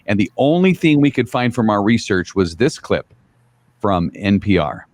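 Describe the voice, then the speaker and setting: A man's voice: lowish voice, very animated, moderate pace, darkish tone. A man hosting a podcast, replying in an agreeable, easygoing way. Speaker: podcast host. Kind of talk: podcast conversation.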